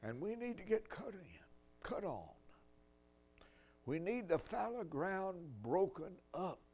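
A man's voice: sits high, very animated, slow, darkish tone. An older man preaching a sermon, telling folksy stories with dry humor.

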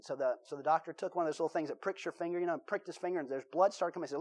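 With a breathy edge to his fairly high voice, a Southern-accented man races through a sermon with barely a pause. He fills it with folksy anecdotes, acting out each voice in his stories.

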